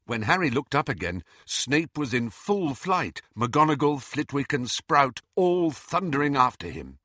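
A man narrating an audiobook in an expressive, dramatic reading. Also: mid-range voice, measured pace, no echo. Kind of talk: scripted narration.

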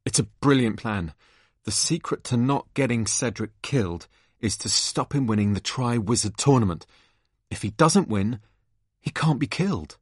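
A man's voice: mid-range voice, expressive, normal speed, breathy edge, no room sound, studio quality. A man voicing an earnest teenage boy wizard in an amateur play-script reading, plain and earnest.

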